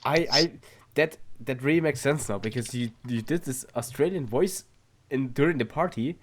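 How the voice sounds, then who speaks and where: A man's voice: medium pitch, moderate pace, noisy background. A man on a podcast chatting with friends, laughing and repeating words as he starts sentences. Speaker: podcast co-host. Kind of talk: casual podcast chat.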